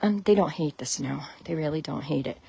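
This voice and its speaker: Speaking fairly quickly in a low, creaky, mellow, husky voice with no echo, a Connecticut woman with a Connecticut accent hosts a casual phone livestream from her snowy outdoor chicken run. She greets each viewer by name and laughs a lot. She rambles in a friendly way, keeping the chat flowing as she walks.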